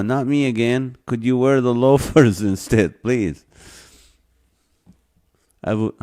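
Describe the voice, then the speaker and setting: A man's voice: fairly low pitch, mellow. A man hosting a live online show, reading viewer comments aloud and chuckling often.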